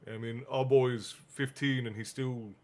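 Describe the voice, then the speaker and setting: Relaxed man reading a bedtime story. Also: mid-range voice, moderate pace. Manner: relaxed, chatty, answers the chat aloud. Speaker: stream host and reader. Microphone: streaming mic.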